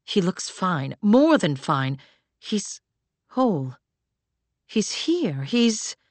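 A woman voicing a fierce, battered woman librarian who talks in a sharp, snarling way that cracks with emotion. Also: mid-range voice, big pitch swings, extremely slow, no echo, heavily acted. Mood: overwhelmed.

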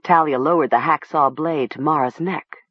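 An audiobook narrator reading a horror story with slow, expressive storytelling. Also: mid-range voice, husky, no echo, dull audio.

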